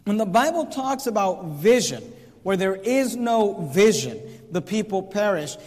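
A man preaching a sermon as pastor, slow and deliberate with emphatic rises. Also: sits high, a little mellow. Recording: long hall reverb.

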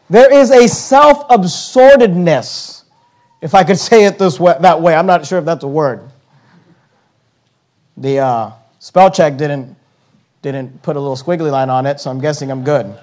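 Emphatic high-voiced preacher. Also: male voice, a little mellow. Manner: emphatic, slows on key words, repeats himself. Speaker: pastor. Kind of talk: sermon.

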